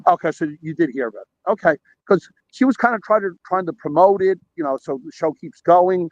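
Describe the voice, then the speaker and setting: A man's voice: high-pitched, animated, a little fast, dry recording, dull audio. A man calling in by phone from a park, rambling animatedly through a story with quoted dialogue. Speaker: caller. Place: outdoors at a park.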